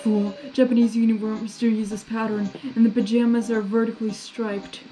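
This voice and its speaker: A woman's voice: fairly high pitch, level tone, normal speed, dark tone, soft background music, lightly acted, low-quality recording. Woman voicing a condescending male prisoner. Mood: scornful. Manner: prim, condescending, insulting. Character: haughty scornful adult male prisoner. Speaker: game character read aloud.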